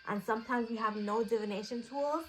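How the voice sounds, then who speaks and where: A woman's voice: a little high, fairly quick, faint music behind. A woman in character as a psychic priestess giving a magic class, rambling with many fillers in a mystical tone. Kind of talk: improvised role-play class.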